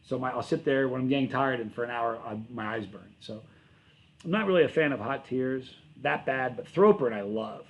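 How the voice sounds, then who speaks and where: A man hosts a relaxed livestream and responds to viewers' chat in a loose, rambling, friendly way, often pausing to correct himself mid-sentence. He speaks at an ordinary middle pitch and a moderate pace, and the audio is poor.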